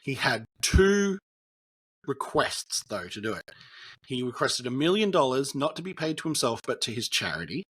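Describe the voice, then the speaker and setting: A man's voice: mid-range voice, very animated, moderate pace, a bit bright, husky. Chatty young man telling film trivia. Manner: rambling, storytelling, many fillers. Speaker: podcast co-host. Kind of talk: casual film chat.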